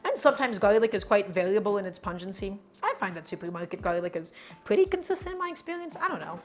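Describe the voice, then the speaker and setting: A woman's voice: mid-range voice, animated, fast, soft background music. A woman hosting a cooking stream, chatting casually and playfully to her viewers as she cooks. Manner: chatty and playful, often says "my friends".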